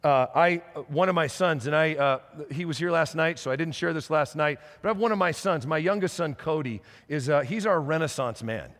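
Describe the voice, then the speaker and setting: A middle-aged man preaching a sermon, telling stories with animated energy and frequent restarts. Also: fairly high pitch, a little fast, few pauses. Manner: animated storytelling with many restarts. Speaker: pastor. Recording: long hall reverb.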